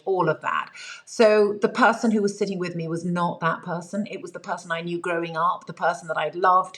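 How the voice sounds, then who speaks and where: A woman's voice: lowish voice, fairly bright tone. A woman author, a guest in an interview, telling a personal story in an earnest, reflective way with many fillers. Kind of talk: relaxed storytelling in conversation.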